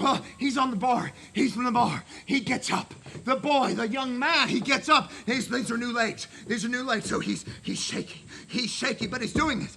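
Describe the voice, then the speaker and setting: High-voiced man telling a rambling joke. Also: normal speed, gravelly, few pauses, a little hiss or hum. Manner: rambling, repetitive, building to shouted excitement. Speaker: comic storyteller in a band show. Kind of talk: comic shaggy-dog storytelling.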